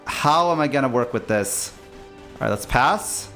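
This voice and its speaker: A young man streaming as a VTuber, casually narrating his moves in a card game and joking with his chat in a playful, animated way. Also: medium pitch, measured pace. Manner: playful, jokey, talks to chat. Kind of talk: casual gameplay commentary. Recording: faint music behind.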